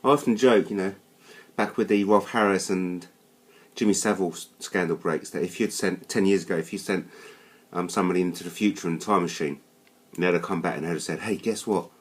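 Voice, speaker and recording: A man delivering a furious, swearing rant as host of his own channel, dropping to low growls and then bursting out high. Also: steady tone, a little fast. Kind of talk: angry rant to camera.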